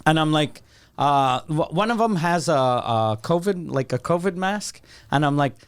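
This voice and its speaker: A Canadian podcast host tells a long, profane, rambling comic story, acting out the lines of the people in it. His voice sits on the high side and is clear and resonant, with lively intonation at a normal speed.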